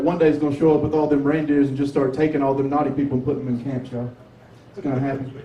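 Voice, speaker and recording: A Southern man doing stand-up at an open mic, his voice high-pitched but dark and mellow in tone. He talks in a loose, drawling way and swears freely. He is heard from across an echoey bar, with a faint hum of the room behind him. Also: distant mic. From Tennessee. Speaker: stand-up comedian. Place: sports bar with a light crowd. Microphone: 360 camera from across the room.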